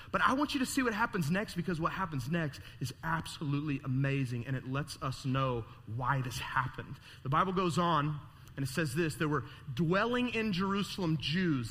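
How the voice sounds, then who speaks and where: Male pastor, animated conversational sermon, fairly high voice, reverberant church hall. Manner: animated, conversational preaching with rhetorical questions. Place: church sanctuary.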